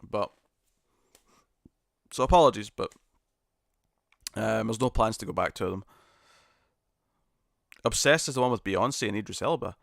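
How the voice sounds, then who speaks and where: A man's voice: on the low side, measured pace, gravelly, long pauses, fairly bright tone, no room sound, studio quality. Chatty man hosting a live stream. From United Kingdom. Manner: chatty, self-deprecating, laughs often. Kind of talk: casual live chat reading viewer comments.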